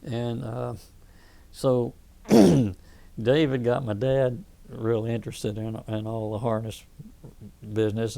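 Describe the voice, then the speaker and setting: In an oral history interview, an eighty-something veteran with a Southern US accent spins rambling stories, often starting his sentences over. His mid-range voice is warm and creaky.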